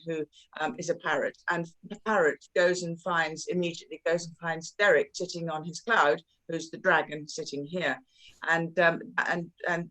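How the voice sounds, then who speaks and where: A woman with a fairly low voice talks about her children's books at a launch. She is animated and effusive, breaking into story voices. She often stops for fillers and restarts. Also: poor audio. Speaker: children's author. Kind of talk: book launch interview.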